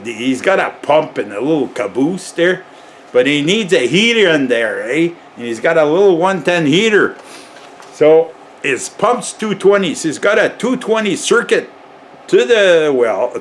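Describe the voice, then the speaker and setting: A man who works as an electrician talks slowly and unhurriedly in a casual how-to vlog. He rambles and chuckles as he goes, getting excited about his subject. Faint noise hums behind him. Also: on the high side. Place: garage.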